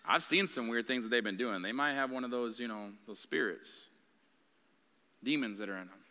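A man's voice: mid-range voice, normal speed, bright, forceful tone. A man preaching a sermon in a candid, conversational way. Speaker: guest preacher. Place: church sanctuary. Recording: long reverb of a church hall.

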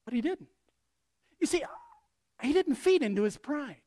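A woman pastor preaching a sermon in an animated way, acting out quotes with big swings in loudness. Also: high voice, unhurried.

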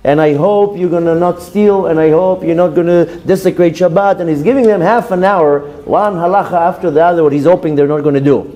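Rabbi telling a sermon story. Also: male voice, a little fast, hardly any pauses, warm tone. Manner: acts out quoted dialogue with shifting pitch. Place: women's institute classroom.

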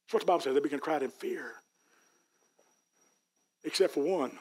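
High-voiced folksy preacher. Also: male voice, rapid-fire. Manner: folksy preaching, Southern US dialect, builds to shouts. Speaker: pastor. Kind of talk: sermon. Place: church sanctuary.

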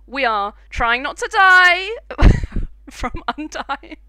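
A young British woman commentating her game stream, giggly and sweary. Her voice is high and bright, swinging widely in pitch at an unhurried pace. It's close and dry, like a desk mic. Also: very animated, no room sound. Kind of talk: casual gaming commentary.

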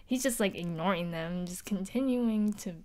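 A woman's voice: medium pitch, moderate pace, darkish tone, close to an everyday voice. A woman playing a bubbly teenage girl at a hero school, telling a dorm story in a chatty, giggly way with many fillers. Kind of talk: in-character storytelling vlog.

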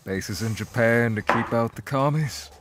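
A man voicing a weary, earnest male countryball who speaks slowly and self-pityingly. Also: medium pitch, heavy background noise, natural voice.

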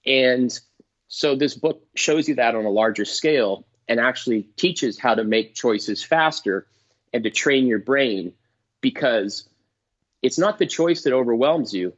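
A middle-aged man, a comedian guest, telling stories in casual chat, animated and swearing, acting out voices. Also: mid-range voice, measured pace. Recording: dull lo-fi dry sound.

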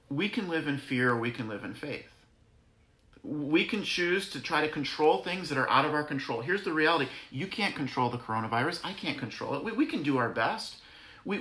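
A man's voice: fairly high pitch, sharp tone. A man giving an earnest, conversational devotional sermon as pastor, repeating phrases for emphasis. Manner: earnest, repetitive, conversational preaching with self-corrections. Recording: echoey room.

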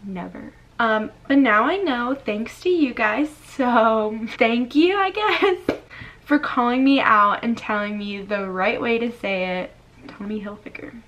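A twenty-one-year-old YouTuber from Florida chats casually in a vlog, her slightly high, fairly bright voice animated despite a muffled recording. She reads comments aloud, peppering her talk with "like" and quick laughs.

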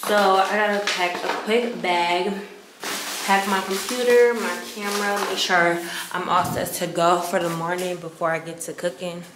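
She's a vlogger in her twenties from Wisconsin, in the Midwest, casually venting to her phone camera with plenty of swearing and exasperation. Her lowish voice keeps a fairly even intonation at a moderate pace, against a noisy background.

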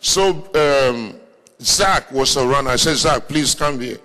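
A man with an African accent preaching a sermon as pastor, telling stories with animation and breaking into shouts. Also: medium pitch, slow pace, big-room sound. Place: large church hall, live meeting.

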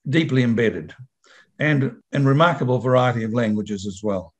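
A man speaking at an online conference in a measured way with occasional restarts, over a video call. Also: medium pitch, a little mellow. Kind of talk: conference presentation.

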